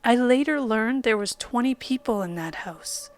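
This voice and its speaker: A woman reading a true horror story as a measured, dramatic narrator who sometimes drops to a whisper. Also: fairly high pitch, lively intonation, a little hiss or hum. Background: faint background music.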